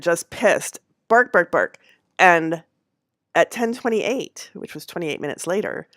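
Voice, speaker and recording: A woman with a low voice tells a personal story casually to her viewers. She rambles, corrects herself and laughs often. The sound is close and dry. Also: no echo. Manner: rambling, with fillers and self-corrections. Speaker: handknitter.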